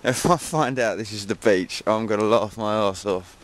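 A man's voice: on the low side, normal speed. An English man chatting casually and jokingly to the camera while walking outdoors among dunes and woods, mocking himself as he goes. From England. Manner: chatty, self-mocking, jokey. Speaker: vlogger. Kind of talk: casual walking vlog narration. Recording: noisy outdoor camera recording.

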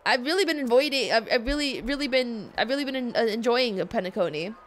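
A young woman chats casually while streaming a game, rambling and restarting her sentences with lots of filler words. Her voice sits slightly high, with a loose, easygoing flow. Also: expressive, fast, hardly any pauses.

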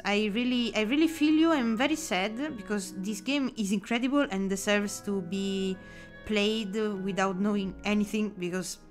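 A woman with an Italian accent chatting casually on a live drawing stream, excitable, with many fillers and restarts. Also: medium pitch.

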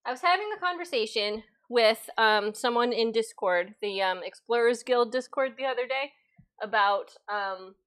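A woman's voice: on the high side, normal speed, fairly bright tone. A woman hosting a casual cooking livestream, chatting and reading viewer comments aloud while she cooks, recorded on a lavalier microphone in a home kitchen.

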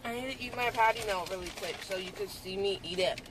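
Excitable young woman in a noisy restaurant. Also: medium pitch, fast talker. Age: young adult. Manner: excitable, playful. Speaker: vlogger daughter. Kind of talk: casual chat.

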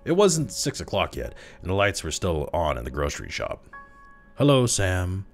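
A man reading a dark short story aloud in an expressive, dramatic way that slows down for tense moments. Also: sits low, faint music behind. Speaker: story reader.

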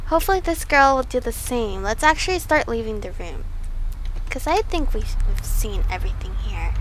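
A young woman with a high, light voice plays through a game and chats to her viewers. She talks in a jittery, easily spooked way. A faint hiss sits under the recording. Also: pushed and bright, low-quality recording. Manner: nervous, jittery, easily frightened chatter. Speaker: gaming YouTuber. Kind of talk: let's play commentary.

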